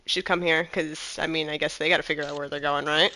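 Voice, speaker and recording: A woman's voice: low voice, level tone, fast, noisy background. A woman playing a tabletop game, talking casually and laughing often. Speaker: player.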